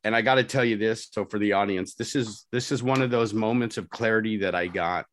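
A man's voice: on the low side, a little fast, slight background noise. A middle-aged man from Southern California telling his life story in a casual, candid way, laughing at himself and acting out what others said. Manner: candid, self-mocking, laughs often, quotes others.

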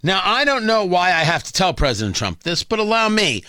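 A sarcastic male talk radio host with a high, bright, ringing voice. His pitch leaps around as he hammers each point, recorded dry and close in the studio. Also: a little fast, smooth, no room sound. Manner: sarcastic, emphatic, animated delivery. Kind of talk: opinionated talk radio monologue. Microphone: studio microphone.

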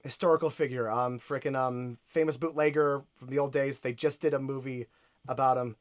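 A man's voice: mid-range voice, fairly even intonation, fairly quick. A man in casual conversation about a video game, rambling with lots of fillers and asides.

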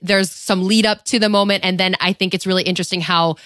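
A woman's voice: medium pitch, fairly even intonation, quick pace, a bit bright, dry recording, clean studio sound. A woman hosting a podcast, talking in a chatty, reflective and upbeat way. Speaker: podcast host. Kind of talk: casual podcast chat.

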